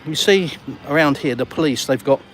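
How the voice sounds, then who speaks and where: A man's voice: fairly high pitch, normal speed, slight background noise. An Englishman walking outdoors and vlogging, chatting in a cheeky, bantering, slangy way to viewers while filming on his phone. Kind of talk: casual walk-and-talk vlog. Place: outdoors on an urban seafront street.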